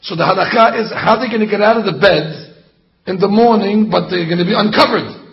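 A man with a fairly high voice leads a rabbi's sermon. He talks in an animated way and mocks his listeners with rhetorical questions. The recording is dull and lo-fi. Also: a little fast, vocal fry. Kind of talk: Torah class sermon. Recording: dull lo-fi sound.

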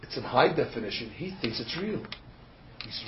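A man's voice: medium pitch, expressive, normal speed, crowd noise. A man preaching in a sermon that mixes in a story, emphatic and full of rhetorical questions, sometimes stumbling on fillers. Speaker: rabbi giving a sermon. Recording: dull lo-fi recording with faint ambience.

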